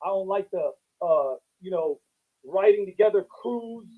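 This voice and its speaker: Husky-voiced aggrieved battle rapper man. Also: high-pitched, expressive, a little slow. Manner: aggrieved, insistent, stumbling restarts. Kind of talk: heated interview talk. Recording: tinny lo-fi interview clip.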